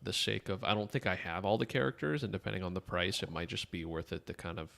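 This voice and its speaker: A man's voice: low voice, fast, gravelly, a bit bright. A man co-hosting a gaming podcast who talks bluntly and crudely in a brash, casual way. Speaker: podcast co-host.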